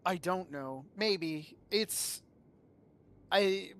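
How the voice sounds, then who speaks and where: Chatty man with a higher voice. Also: drawn-out words, fairly bright tone. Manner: chatty, self-deprecating, rambling. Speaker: tabletop game player. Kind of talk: casual chat.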